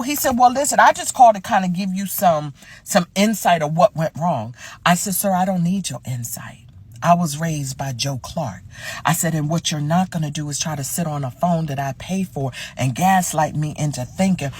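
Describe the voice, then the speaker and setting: A woman's voice: low voice, a little mellow, a little hiss or hum. A woman telling a dating story to camera in a blunt, sassy way, swearing freely.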